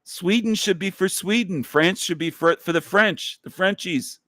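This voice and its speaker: A man's voice: high voice, unhurried, pushed and bright, no echo. A man hosting a livestream who speaks in an emphatic, profane, repetitive rant. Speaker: livestream host.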